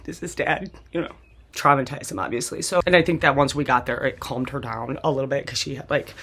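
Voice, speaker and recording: A woman's voice: rumbling low, brisk, vocal fry, a bit bright, slightly rough. A woman host telling a personal story from memory in a rambling, casual way, with constant "like" and frequent restarts. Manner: rambling, heavy use of "like", restarts, occasional swearing.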